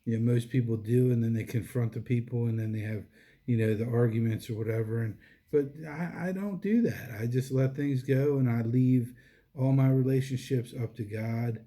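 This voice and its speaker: A man's voice: medium pitch, normal speed, dark tone. A middle-aged man talking casually and earnestly about his faith, rambling with many fillers and restarts, and sounding tired. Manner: earnest, devotional. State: tired, yawning. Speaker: vlogger. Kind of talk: casual personal monologue.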